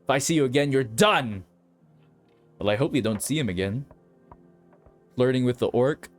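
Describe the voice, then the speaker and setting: A man from the Philippines streaming a video game, casually commenting and reading its dialogue aloud. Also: medium pitch. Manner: animated, jumps between playful commentary and character reads. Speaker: streamer and voice actor. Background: faint game music.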